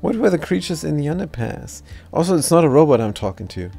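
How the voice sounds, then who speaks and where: A man streaming a game live, giving casual commentary, reading chat aloud and making relaxed asides. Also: a little high, quick pace, vocal fry, faint music behind.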